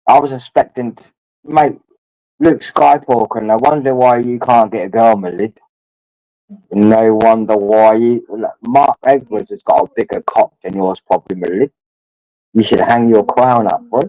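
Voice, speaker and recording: Drinking as he talks, a man rambles crudely to his livestream chat, swearing often and addressing viewers as his lads. His voice is medium-pitched and mellow at a normal speed. The recording is dry, with dull lo-fi stream audio.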